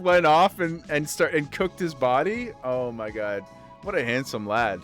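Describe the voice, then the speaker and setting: A man streaming casually, chatting loosely and getting excited, swearing freely and repeating himself. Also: medium pitch, normal speed, faint music behind. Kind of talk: casual livestream chat.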